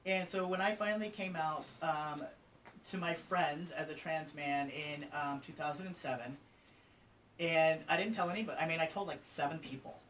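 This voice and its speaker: A man nearing fifty from Colorado shares his life story as an interview guest, relaxed and conversational with many fillers. His voice sits a bit high for a man. He is picked up from a little off the microphone, over a faint hum of background ambience. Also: moderate pace, distant mic, rough recording. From Colorado, USA. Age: almost 50. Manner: open and conversational, many ums and asides. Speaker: interview guest, trans advocate. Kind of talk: candid personal storytelling. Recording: from slightly off mic with faint ambient noise.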